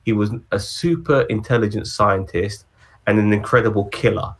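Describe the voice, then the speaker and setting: A man's voice: lowish voice, moderate pace. A man co-hosting a casual movie-ranking chat, rambling with ums and restarts. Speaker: podcast co-host.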